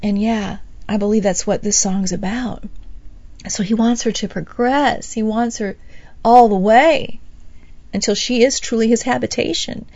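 Woman preaching, kinda gravelly vocal fry, acts out people she quotes, dull lo-fi dry sound. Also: mid-range voice, normal speed, no room sound. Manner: animated, acts out quoted speakers; laughs between phrases. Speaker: Bible teacher. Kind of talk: sermon-style Bible teaching.

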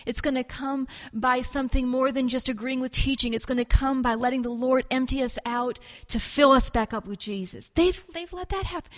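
Woman Bible teacher, earnest and halting, slightly high voice, preaching in a hall with a long echo. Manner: earnest, halting, acts out voices of biblical figures. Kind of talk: informal sermon teaching.

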